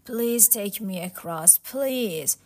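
A woman's voice: mid-range voice, lively intonation, slow pace, a little mellow. A woman reading the lines of a devoted young male musician in an earnest, pleading way.

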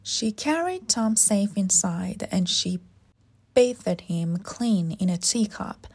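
A woman reads a children's story aloud, savouring each playful sound word. Her delivery is slow and unhurried, her voice husky with a gravelly texture. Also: mid-range voice. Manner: expressive, with playful sound words.

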